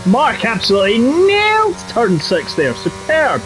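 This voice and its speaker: A man commentates a sim race live, tossing in playful quips. His voice sits high and bright in pitch. A light hiss of noise runs under the recording. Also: huge pitch swings, measured pace. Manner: chatty and jokey, with playful quips.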